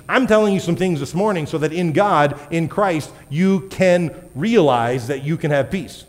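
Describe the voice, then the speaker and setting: A man's voice: sits high, moderate pace, a little mellow. A man preaching a sermon in a casual, conversational way, asking the congregation questions and correcting himself with light laughs. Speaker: pastor. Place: church hall. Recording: long hall reverb.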